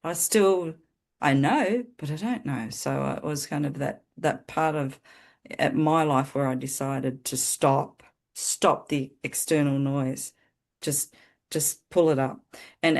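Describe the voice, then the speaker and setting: A woman guest on a podcast, earnestly telling her personal story in a halting way with many restarts. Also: rumbling low, gravelly, a little mellow. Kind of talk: personal testimony in conversation.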